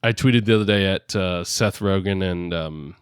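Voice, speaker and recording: A man's voice: low-pitched, moderate pace, clean tone, no room sound, studio quality. A man co-hosting a casual podcast on a headset mic, rambling with lots of fillers and laughing often. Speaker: podcast co-host.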